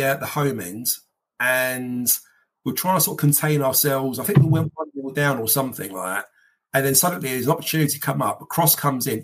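A middle-aged man, telling lively football anecdotes with laughs in a casual chat. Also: mid-range voice, husky. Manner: animated anecdotes, laughs as he tells them. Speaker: guest football fan. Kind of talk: casual storytelling.

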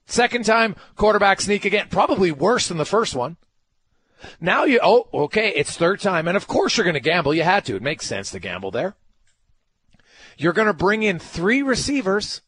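A man's voice: sits high, sing-song, normal speed, fairly bright tone, breathy edge, dry recording. A man hosting a sports talk radio show, emphatic and ranting, firing off rhetorical questions.

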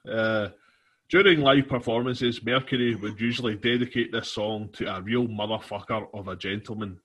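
A man with a lowish, husky voice chats about music in a laid-back way. His sentences often trail off quietly. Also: fairly even intonation, normal speed. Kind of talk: casual music chat.

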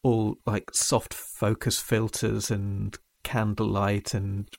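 A man's voice: on the low side, flat delivery, slow pace, gravelly. A man hosting a casual podcast, steering the chat with thoughtful, dry remarks. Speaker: podcast host. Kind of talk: casual chat about a TV series.

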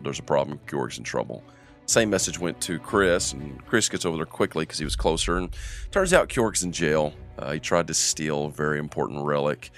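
A man hosting a tabletop game podcast as game master, joking and rambling while medicated for allergies. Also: deep voice. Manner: jokey, rambling, laughs a lot. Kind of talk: casual podcast chat and game recap.

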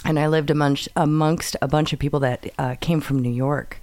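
A woman's voice: deep voice, fairly even intonation, normal speed, a little mellow, no room sound. Chatty female co-host from California. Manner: chatty, laughs easily. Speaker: podcast co-host. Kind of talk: casual podcast chat.

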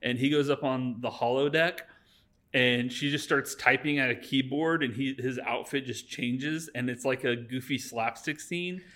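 A man in the middle of a loose podcast chat, walking through a movie's plot. He rambles and drops into quick put-on lines for the characters. His pitch sits in an ordinary male middle range. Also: fairly even intonation, fairly bright tone. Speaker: podcast host. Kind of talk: casual chat, recapping a movie.

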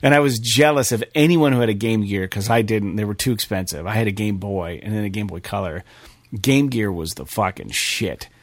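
A man co-hosting a gaming podcast, talking casually and excitedly, swearing often and rambling. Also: fairly low pitch, fairly quick, dry recording, clean studio sound. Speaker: podcast co-host.

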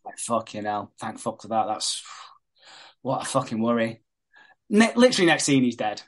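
A man's voice: mid-range voice, sing-song, moderate pace. A man with a mid-range voice tells a story in casual chat, swearing freely. He slips into quoted voices as he recaps scene by scene. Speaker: podcast co-host.

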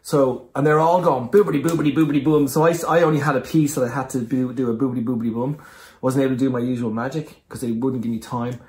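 A man from Ireland, a comedian guest telling anecdotes in casual chat, animated and swearing freely. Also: mid-range voice, fast talker. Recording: echoey room.

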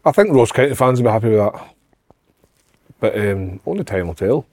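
A man's voice: on the low side, expressive, a little fast, a little mellow. A Scottish man co-hosting a podcast, talking football in a blunt, sweary way and often restarting his sentences. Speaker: podcast co-host, youth coach. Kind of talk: casual football chat.

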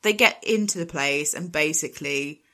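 Chatty woman with a lowish voice. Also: normal speed. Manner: animated storytelling with acted quotes and laughter. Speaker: podcast co-host. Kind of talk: casual chat recapping a film.

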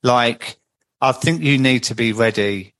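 A man's voice: mid-range voice, a little slow, fairly bright tone. A man hosting a podcast, chatty and full of anecdotes. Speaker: podcast host. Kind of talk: casual podcast conversation.

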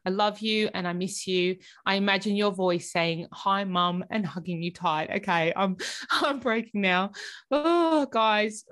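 A woman's voice: mid-range voice, fairly bright tone. A young woman co-hosting a casual podcast, chatty and emotional, filling her talk with "like" and the odd swear word. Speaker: podcast co-host.

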